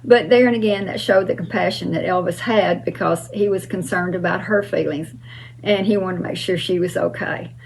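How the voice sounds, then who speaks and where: A woman's voice: lowish voice, fairly even intonation, moderate pace, gravelly, slight background noise, poor audio. An older woman hosting her own channel, answering fan questions in an emphatic, casual way with frequent uh and um.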